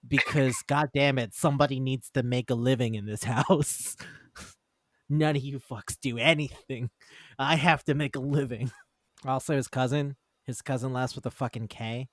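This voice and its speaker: Man co-host, casual manga chat, animated and profane, acts out lines, dry booth sound. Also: mid-range voice, moderate pace, no room sound. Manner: excitable, swears freely, acts out characters' lines. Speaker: podcast co-host.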